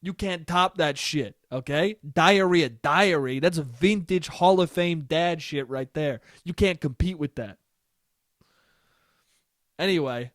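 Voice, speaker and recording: A man's voice: on the high side, lively intonation, measured pace, pauses often, dry recording, clean studio sound. A young man hosting a solo podcast, telling rambling, profane stories about his family and acting out their lines. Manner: rambling, profane storytelling with quoted voices. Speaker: podcast host. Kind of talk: solo comedic podcast monologue.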